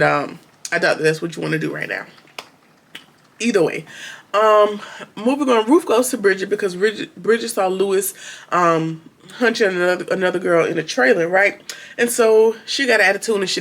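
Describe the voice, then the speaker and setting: A woman's voice: lowish voice, fairly bright tone. A woman reviewing a TV series, retelling an episode in a chatty, slangy way with sarcastic asides. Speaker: TV show reviewer. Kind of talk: casual episode recap.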